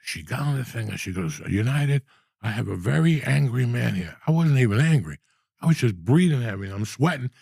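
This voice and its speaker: A man in his sixties telling a story in casual, profane, animated style, with loud outbursts. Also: mid-range voice, fairly quick, vocal fry, husky, no echo, studio quality. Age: 60s. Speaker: podcast host.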